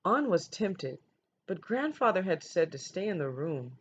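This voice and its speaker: A woman teacher reading a picture book aloud in a measured, gentle way. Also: sits low, animated. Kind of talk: storybook read-aloud. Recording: dull lo-fi recording, faint noise.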